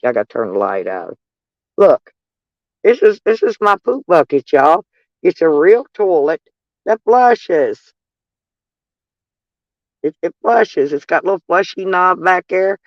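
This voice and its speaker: A woman's voice: sits low, no echo, dull audio. Rambling woman, dry close sound. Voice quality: folksy, salty, rambling. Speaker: vlogger. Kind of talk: casual rambling chat to viewers.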